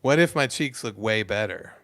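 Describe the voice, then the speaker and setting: Bright-voiced, loud, joking man. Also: lowish voice, animated, normal speed, creaky, dry recording, studio quality. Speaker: podcast co-host. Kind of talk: casual chat.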